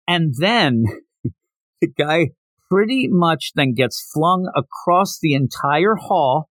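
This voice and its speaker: Brief: animated male podcast host, somewhat high voice, dry close recording. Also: slow, no room sound. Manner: animated, acts out quotes. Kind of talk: casual comic recap.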